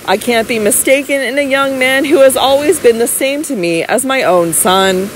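A woman's voice: high-pitched, moderate pace, a little hiss or hum, pitched above the performer's own voice, close to an everyday voice, rough recording. A woman voicing a doting older male baronet, fond and reassuring, sometimes blustering, read close to her own voice.

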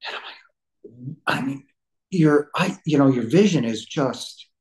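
A man's voice: fairly high pitch, lively intonation, unhurried, poor audio. Emphatic, blunt man telling his story. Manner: rambling with many restarts and fillers. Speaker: podcast guest. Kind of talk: conversational interview storytelling.

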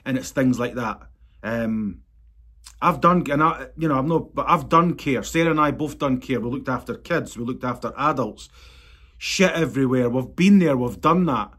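A man speaking in a husky, slightly rough voice at an ordinary middle pitch. He talks straight to his viewers in a vlog, blunt and angry, swearing freely as he tells them what happened. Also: lively intonation, moderate pace, a bit bright. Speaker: tattoo artist and channel host. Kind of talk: direct-to-camera vlog update.

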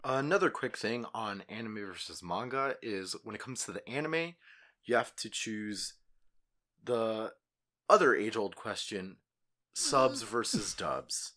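A young man with a fairly low voice co-hosts a podcast in an easygoing, casual way. He swears offhandedly and rambles through his memories. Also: expressive, measured pace, pushed and bright. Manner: laid-back, swears casually. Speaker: podcast co-host. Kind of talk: casual chat.

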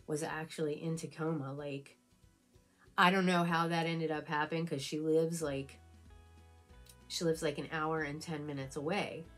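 Low-pitched woman rambling through a sad story, lots of "like" and "you know", soft music in back. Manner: emotional storytelling, heavy fillers and repeats. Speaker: beauty vlogger. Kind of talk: casual chat during a get-ready-with-me video.

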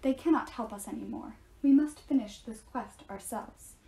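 A woman voicing a stern young huntress who speaks in formal, old-fashioned phrasing, hushed and bitter. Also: on the high side, moderate pace, breathy edge. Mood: grim.

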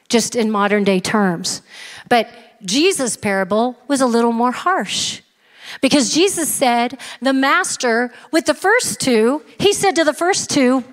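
A middle-aged woman pastor preaching a sermon in an earnest, emphatic manner in a church. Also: on the high side. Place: church sanctuary. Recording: reverberant church hall.

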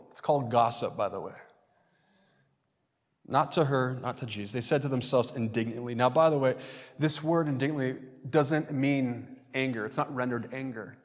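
A man's voice: medium pitch, big-room sound. A male pastor preaching a conversational sermon in a church and now and then acting out the voices of the people in his text. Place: church sanctuary.

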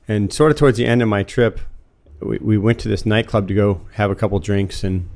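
A man in his fifties from Florida, a guest telling relaxed stories in casual conversation. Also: lowish voice, fairly quick. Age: 50s. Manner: relaxed and chatty, laughs easily while telling anecdotes.

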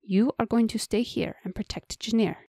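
A woman's voice: fairly high pitch, normal speed, vocal fry, dark tone, dry recording, voice pushed up. Woman doing a strict no-nonsense elf guy, bossy and clipped, dry sound. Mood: stern. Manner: clipped, serious, commanding. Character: stern, formal male elf warrior. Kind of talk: audiobook character voice.

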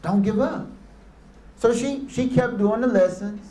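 A man's voice: very high voice, a little slow, warm tone. A man giving a motivational speech to youth and parents, telling stories and calling for amens from the room. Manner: storytelling with call-and-response. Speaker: motivational speaker. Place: room with a live audience. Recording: echoey room.

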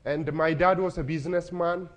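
A man's voice: on the high side, steady tone, normal speed. A young man from Ethiopia, giving an earnest, emotional personal testimony to an audience. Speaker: speaker.

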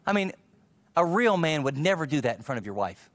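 A man's voice: on the high side, fairly quick. A middle-aged male pastor preaching a sermon, telling personal stories and acting out the dialogue in them. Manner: animated storyteller acting out quoted dialogue. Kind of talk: sermon storytelling.

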